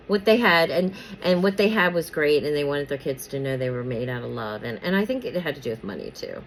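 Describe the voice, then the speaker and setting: A woman's voice: sits low, expressive, fairly quick, few pauses, slight background noise, rough recording. A woman chatting casually about celebrity gossip while doing her makeup, rambling with many fillers and repeats, and sometimes whispering names as she pulls cards.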